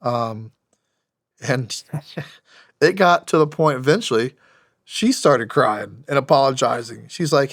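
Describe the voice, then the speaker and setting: A man's voice: medium pitch, fairly bright tone, no room sound, studio quality. A middle-aged former soldier from the United States, a podcast guest telling his story candidly with many restarts and fillers. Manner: halting, with frequent restarts and fillers. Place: podcast studio.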